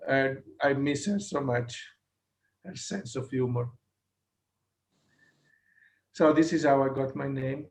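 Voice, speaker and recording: Italian-accented man, 60s, slow and gravelly, halting storyteller on a video call. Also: medium pitch. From Italy. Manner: halting, with many fillers and restarts. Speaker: satsang guest. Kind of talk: personal storytelling.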